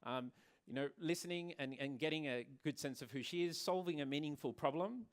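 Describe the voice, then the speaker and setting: A man's voice: on the high side, a little fast. A man who owns a hair salon, giving an earnest talk to a conference audience and often repeating words as he restarts. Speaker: salon owner and presenter. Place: conference venue.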